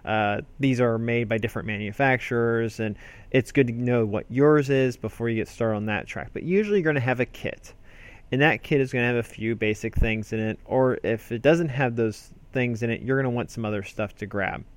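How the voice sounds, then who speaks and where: A man's voice: medium pitch, a little fast, clear, resonant tone, dry recording. A man, an emergency physician, teaching a medical procedure in a conversational, explanatory way. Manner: conversational, explanatory, with fillers and restarts. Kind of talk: spoken medical lesson.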